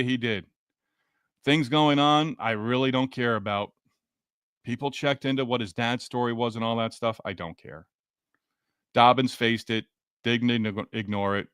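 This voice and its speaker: Man, podcast host, casual sports chat, mid-pitched voice, dry close mic. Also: a bit bright, no room sound. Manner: chatty, greets chatters by name, quick asides. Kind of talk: casual post-game sports talk reading live chat.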